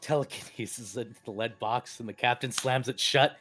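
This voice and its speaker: A man running a tabletop game as game master, narrating animatedly and jumping into shouted character voices. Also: mid-range voice, a little fast, soft background music. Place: home streaming setup.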